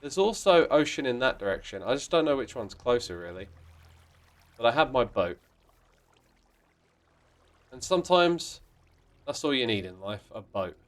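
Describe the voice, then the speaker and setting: A man hosts a livestream of a block-building game, casually chatting and reading viewer messages in a playful, mock-indignant way punctuated by sudden exclamations. His medium-pitched voice is sing-song at a moderate pace, and he pauses often.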